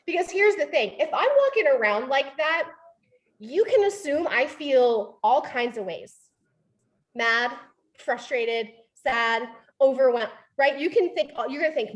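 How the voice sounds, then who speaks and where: A woman in her thirties giving a motivational training talk, animated, acting out quoted voices and often asking "right?". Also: high voice.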